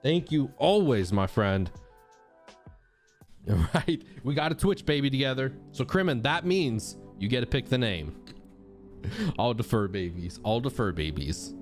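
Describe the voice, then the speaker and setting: A young man chatting casually as he streams a game, thanking subscribers and reacting out loud. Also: mid-range voice, measured pace. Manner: animated, chatty, shouts out subscribers. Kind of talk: casual gameplay commentary. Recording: game music playing behind.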